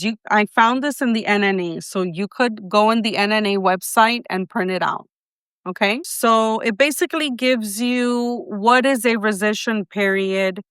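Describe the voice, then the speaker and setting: A woman's voice: medium pitch, fairly bright tone, clean tone, dry recording, studio quality. A woman with a non-native accent, chatting casually as a notary showing her supplies, rambling and asking herself what things are called. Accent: non-native English accent. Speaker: loan signing agent and notary. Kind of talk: casual show-and-tell vlog. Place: Florida, USA.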